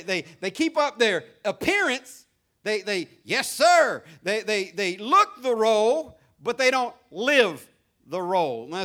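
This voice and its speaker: A man's voice: high voice, a bit bright. A middle-aged man, preaching a sermon to his church in an emphatic, plain-spoken way with lots of repetition. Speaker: pastor. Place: church sanctuary.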